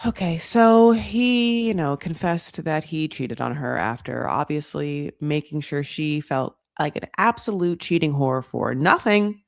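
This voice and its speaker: A woman hosting a comedic reality TV recap, sarcastic and animated, swearing freely. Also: low-pitched, a little slow, vocal fry, few pauses, dry recording, studio quality. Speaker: host.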